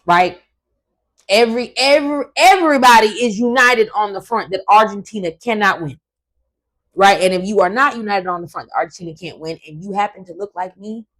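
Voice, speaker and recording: A woman hosting a casual commentary vlog, ranting in an emphatic, profane and animated way. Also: mid-range voice, poor audio. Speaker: host.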